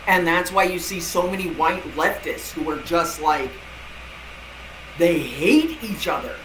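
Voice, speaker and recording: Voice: mid-range voice, animated, unhurried, roomy sound, noisy background. A guest in a casual conversation, speaking thoughtfully and searching for words over a remote call.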